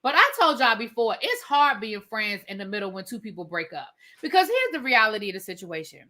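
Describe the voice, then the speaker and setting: A woman's voice: fairly high pitch, very animated, fairly quick, pushed and bright. A woman hosting a livestream as a reality TV reviewer, giving blunt, opinionated commentary with casual swearing and replying to viewer comments.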